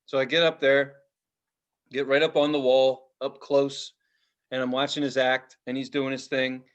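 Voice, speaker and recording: A man's voice: mid-range voice, little pitch movement, moderate pace, smooth, highs cut off. A young man co-hosting a podcast, telling a long, rambling, profane story in casual chat. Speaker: podcast co-host.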